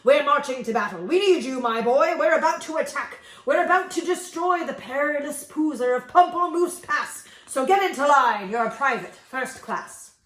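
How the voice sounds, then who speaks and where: A woman's voice: high voice, lively intonation, normal speed, few pauses, a bit bright, reverberant. A woman voicing a blustering, pompous male army general who bellows orders, read aloud from a storybook. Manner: bellowing commands.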